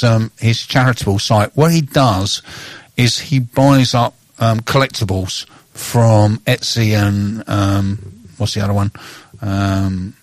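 Male radio host, jokey, halting with fillers, dry close sound. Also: mid-range voice, no room sound. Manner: joking, hesitant, many fillers. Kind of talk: casual radio chat, reading tweets.

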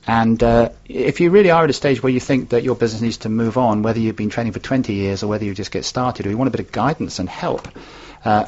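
A man's voice: fairly low pitch, darkish tone. A man who is a business author, a guest on a radio show, plugging his book with many fillers and restarts. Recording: dull lo-fi sound.

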